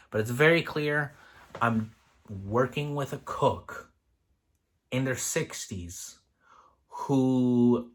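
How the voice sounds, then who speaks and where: Man, thirties, casual vlog talk, candid, rambling, restarts, mid-pitched voice. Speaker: line cook and kitchen lead.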